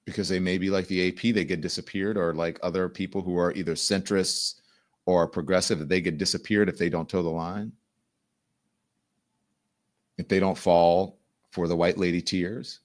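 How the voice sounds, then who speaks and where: A man's voice: deep voice, fairly even intonation, normal speed. A man hosting a live political commentary show, talking bluntly and indignantly and swearing freely. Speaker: show host.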